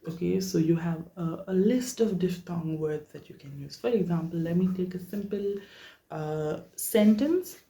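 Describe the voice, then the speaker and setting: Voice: a little slow, gravelly, warm tone. A vocal coach teaching vowels in a workshop, checking in with listeners often. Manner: checks in often, demonstrates vowels at high pitch. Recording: echoey room.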